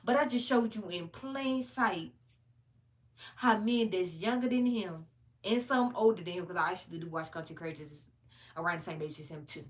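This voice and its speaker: A woman's voice: on the low side, moderate pace. A woman giving casual ranting commentary as a vlogger, blunt and profane, laughing between points as she tells stories. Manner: blunt, profane, animated storytelling.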